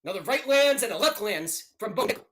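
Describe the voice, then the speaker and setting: Calling a fight on a live stream, a young man jokes around with excited play-by-play and loud outbursts. He talks fast in a high voice.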